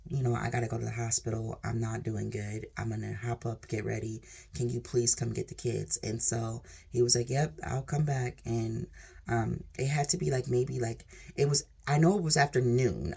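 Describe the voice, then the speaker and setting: Brief: woman vlogger, rough gravelly voice with a husky edge, rambling earnest testimony. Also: very deep voice, mellow. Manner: earnest, rambling, heavy use of "like" and "literally". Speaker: vlogger sharing a personal testimony. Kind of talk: emotional personal storytelling.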